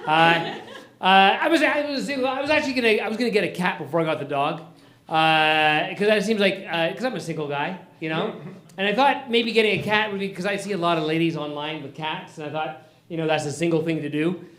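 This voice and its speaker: A man's voice: a little high, fairly quick, fairly bright tone, roomy sound. A man trying stand-up for the first time, rambling and hesitant with many restarts. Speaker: first-time audience comic. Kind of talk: improvised stand-up. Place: comedy club stage.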